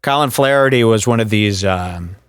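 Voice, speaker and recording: A man's voice: on the low side, moderate pace, slight background noise. A man hosting a podcast, riffing in casual, mocking commentary. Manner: sarcastic, mocking, lively delivery. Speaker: podcast host.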